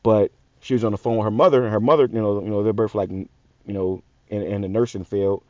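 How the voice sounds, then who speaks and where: A man's voice: on the low side, fairly even intonation, fast talker, a little mellow, no echo, muffled recording. A man hosting a religious channel, giving a heated, profane, repetitive rant-style sermon. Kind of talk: ranting street sermon.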